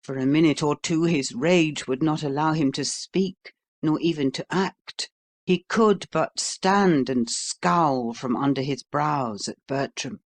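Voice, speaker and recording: An audiobook narrator reading a novel in a steady storytelling manner. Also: medium pitch, dry recording.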